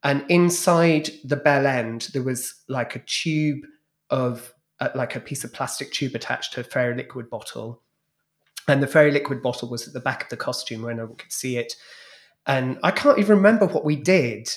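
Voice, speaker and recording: A former club DJ and drag performer, appearing as a guest on a podcast interview, tells frank, bawdy stories about his past stage acts. His mid-range voice moves at a moderate pace, and his storytelling is animated.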